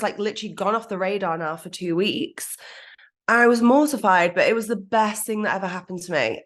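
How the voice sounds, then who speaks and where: Frank woman telling her story. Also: medium pitch. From Manchester, England. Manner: frank and lively, swears casually, laughs at herself. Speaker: business coach guest. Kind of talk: candid personal storytelling.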